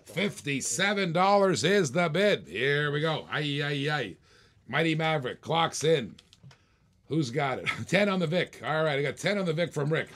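A man's voice: on the high side, animated, normal speed, a bit bright, slight background noise. A man hosting a live online auction, calling bids in playful, repetitive patter with jokes. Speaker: auctioneer and host.

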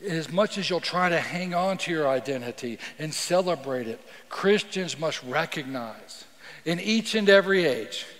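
A man's voice: fairly high pitch, expressive, moderate pace, fairly bright tone. Rambling male pastor in a reverberant sanctuary. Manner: conversational, many restarts and repeated words. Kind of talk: sermon. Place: church sanctuary. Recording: long reverb of a church sanctuary.

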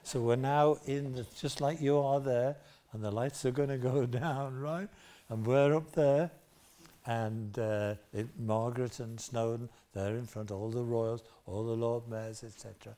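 An older man with a Liverpool accent telling lively anecdotes as a guest on a theatre stage before an audience. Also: mid-range voice, measured pace. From Liverpool, England. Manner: animated storyteller, lively asides. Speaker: guest storyteller.

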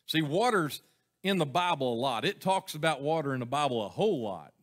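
In a church sanctuary, a pastor preaches to his congregation in a fairly high, fairly bright voice, brisk and animated. He's folksy and chuckling, often asking the people questions.

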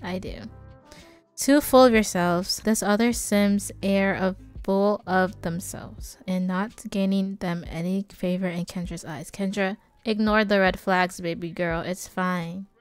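Female gamer voicing casual commentary, mid-pitched and playful, with soft background music. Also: fairly even intonation, a little slow, smooth, no echo. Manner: chatty, playful, prone to sudden exclamations. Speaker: gaming YouTuber.

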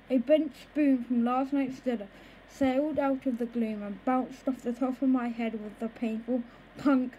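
A woman reading a children's book aloud in a slow, careful way, with occasional small stumbles over words. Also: high-pitched, steady tone, warm tone, muffled recording, slight background noise. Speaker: storybook reader.

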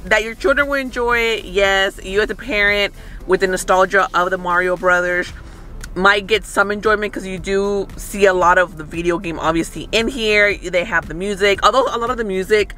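High-voiced bright man chatting in car. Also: moderate pace, soft background music. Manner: relaxed, rambling, many fillers. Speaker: movie review vlogger. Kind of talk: casual chat. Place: inside a parked car.

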